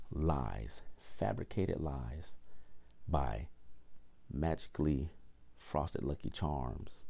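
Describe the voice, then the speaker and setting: A man's voice: a bass voice, vocal fry, warm tone, husky. A man hosting a podcast, telling a personal story in an indignant, emphatic way and acting out what others said. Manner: indignant, emphatic, acts out quoted lines. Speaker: podcast host.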